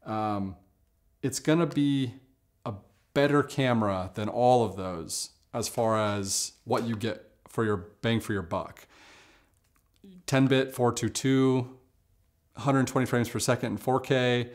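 A man talking casually in a camera review vlog, relaxed and conversational, with lots of fillers and asides. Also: medium pitch, slow.

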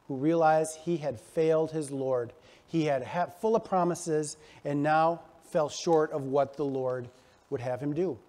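A male pastor preaching a sermon, telling the story with animated energy and acting out the quotes. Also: on the high side.

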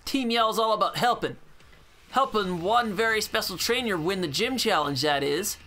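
A man's voice: high voice, expressive, moderate pace, bright, forceful tone, pitched above the performer's own voice, full character voice. A man voicing a rowdy young hooligan gang grunt from a game, in a put-on British accent, brash and taunting. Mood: cocky.

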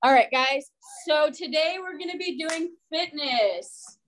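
Woman fitness teacher running chair exercises, high voice, peppy, counting reps out loud. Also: measured pace, low-quality recording. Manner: upbeat, encouraging, counts reps aloud. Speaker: fitness instructor. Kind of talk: leading a chair exercise class.

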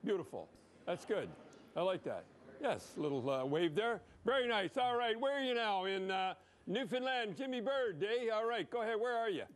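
A man's voice: high-pitched, lively intonation, normal speed. An older man giving blunt, emphatic, rambling hockey commentary over replays, dropping frequent "eh?".

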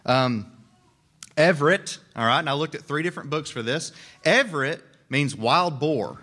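A man's voice: a little high, animated, normal speed, bright, forceful tone. Man preaching, conversational. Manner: conversational, joking asides. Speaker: pastor. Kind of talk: sermon.

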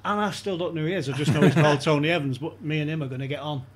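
A man's rather high, slightly rough voice races along as he tells a casual anecdote as a podcast guest. He brings the story to life by acting out quotes, with plenty of laughter.

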